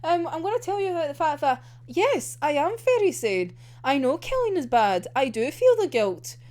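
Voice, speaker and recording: A flippant, unhinged young clown villain played by a woman recapping an anime, tossing off threats in a mock-casual, theatrical way. The voice sits fairly high and swoops around a lot. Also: very animated, normal speed, darkish tone. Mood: mock-serious.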